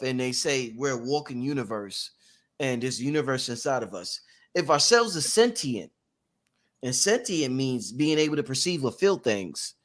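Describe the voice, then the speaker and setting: A male host with a high voice talks in an animated, theatrical way. His pitch swoops widely as he spins out his ideas. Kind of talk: panel talk.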